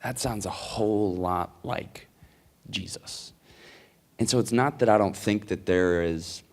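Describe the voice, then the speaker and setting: Low-voiced male speaker, earnest and rambling Q&A answers, lots of "like"s. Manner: earnest, rambling, many likes and restarts. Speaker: conference speaker. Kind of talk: Q&A answer, storytelling. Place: conference hall.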